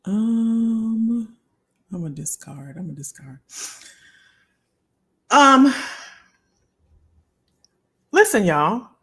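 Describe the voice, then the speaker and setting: A woman's voice: on the high side, animated, extremely slow, pauses often, breathy edge. A middle-aged woman hosting a live stream, chatting casually and heartfelt with her viewers and often repeating phrases. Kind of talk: casual chat to a live audience.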